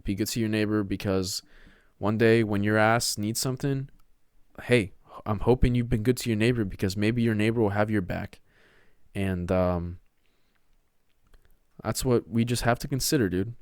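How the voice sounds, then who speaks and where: A young Texan man hosts his own podcast, rambling solo and casually while peppering everything with "dude" and "man," sometimes sliding into a showy put-on voice. His pitch is fairly low and his tone steady, at normal speed with frequent pauses, recorded at studio quality with no room sound.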